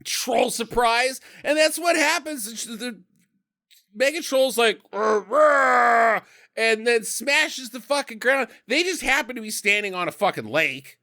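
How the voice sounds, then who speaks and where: A high-voiced man with a bright, forceful tone riffs on a monster movie for a podcast. His pitch swings widely as he jokes, swears and acts out scenes in goofy voices, laughing along the way. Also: moderate pace. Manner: animated, profane, acts out scenes in silly voices, laughs often. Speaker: podcast co-host reviewing a movie. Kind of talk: casual comedic movie riffing.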